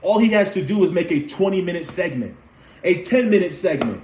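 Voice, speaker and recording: A man's voice: high voice, expressive, a little fast, a little mellow, slight background noise. A young man and former player ranting as a fan about his team's penalties, repeating points with heat and emphasis. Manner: heated, repetitive, emphatic. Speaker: sports commentator. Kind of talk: fan sports rant. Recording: roomy echo.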